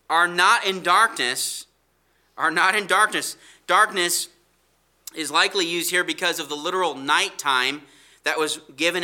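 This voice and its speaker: A man preaching an expository sermon as a Bible teacher, slowing down to stress scripture quotes and asking rhetorical questions. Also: fairly high pitch, sharp tone.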